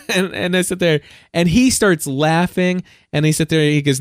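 A man's voice: on the high side, unhurried, no room sound, clean studio sound. Rambling, enthusiastic male podcast host. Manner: rambling, storytelling with many restarts and repeated words; enthusiastic, animated when telling stories. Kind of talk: casual solo podcast monologue.

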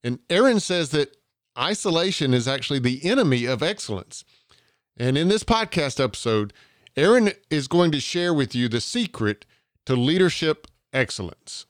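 A man's voice: fairly high pitch, very animated, moderate pace, dry recording, clean studio sound. A man with a Southern US accent from Georgia, hosting a podcast interview in an earnest way and often restarting his phrases. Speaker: podcast host.

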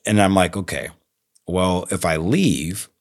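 A man with a Texas accent, co-hosting a podcast and telling a story in a casual, animated way, acting out the lines he quotes. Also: deep voice, a little slow. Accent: Texan. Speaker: podcast co-host.

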